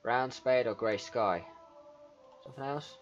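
A man's voice: mid-range voice, a little slow, highs cut off. A man giving casual, swear-heavy commentary while playing a game and reading its text aloud. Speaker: gaming video creator. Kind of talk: casual let's play commentary.

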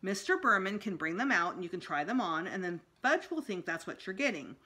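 A woman's voice: medium pitch, big pitch swings, a little fast, sharp tone. A woman voicing a fussy mother who frets over small things yet stays firm, in a storybook reading.

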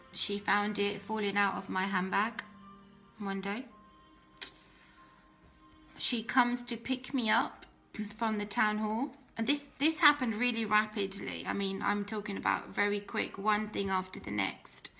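A woman shares her personal faith testimony earnestly and emotionally, often restarting her sentences. Her mid-range voice is gravelly, pushed and bright.

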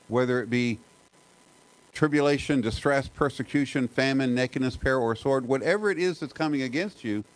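A man's voice: medium pitch, low-quality recording. Earnest middle-aged male pastor preaching. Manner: earnest, conversational preaching with frequent restarts and rhetorical questions; slows and stresses key scripture phrases. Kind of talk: sermon.

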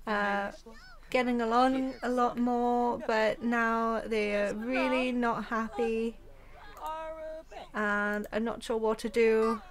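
A woman's voice: a little high, level tone, takes it slowly, a crowd in the background. A woman voicing a worried young mother who anxiously apologizes to her partner. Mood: apologetic.

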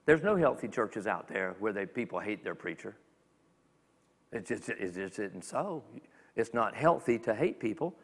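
Animated preacher man in a reverberant church. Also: on the low side, husky. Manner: animated, conversational preaching with quick acted asides. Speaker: minister. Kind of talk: sermon. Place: church sanctuary.

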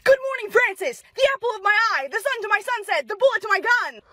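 A woman's voice: very high-pitched, expressive, fast, bright, forceful tone, slight background noise, full character voice. A woman voicing a theatrical, lovestruck young male soldier who gushes over his beloved. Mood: gushing. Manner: gushing, theatrical.

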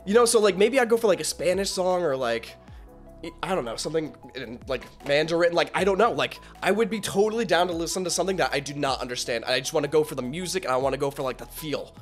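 A slightly hoarse man giving casual, rambling, enthusiastic commentary as a reaction video host. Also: a little high, expressive, fast talker, faint music behind. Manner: rambling, filler-heavy, enthusiastic.

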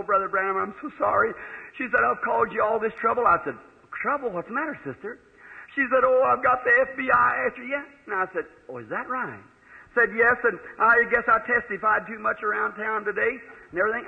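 A man with a Southern American accent preaching, telling a folksy testimony and acting out the people he quotes. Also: high-pitched. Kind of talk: sermon storytelling. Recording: tinny old radio-like archive recording in a big hall.

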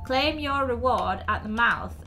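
A woman's voice: on the high side, unhurried, music in the background. A young woman hosting a horror game let's-play, chatty and playful, joking aloud and talking to the things on screen. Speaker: gaming video host. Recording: steady background noise.

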